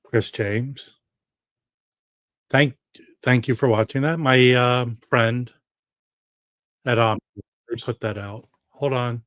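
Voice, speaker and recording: A man's voice: mid-range voice, fairly even intonation, slow, long pauses, a bit bright, dry recording. A man hosting a casual live stream alone, rambling and chatty as he reads out viewer comments.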